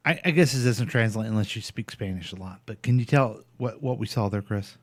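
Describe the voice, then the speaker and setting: A man's voice: lowish voice, fairly quick, slight background noise. Blunt, indignant male radio co-host. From Missouri, US. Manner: blunt, indignant, laughs often. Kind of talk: casual political chat.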